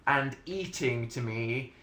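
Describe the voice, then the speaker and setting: Answering chat questions on his casual livestream, the young English host rambles, teases himself, and laughs a lot. His mid-range voice moves slowly, and the roomy home webcam audio carries background noise.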